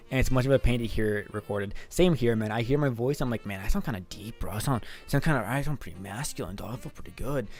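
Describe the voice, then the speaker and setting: A man streaming live, chatting casually with his chat and translating manga. He laughs often, swears, and calls people "dog" and "man.". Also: medium pitch.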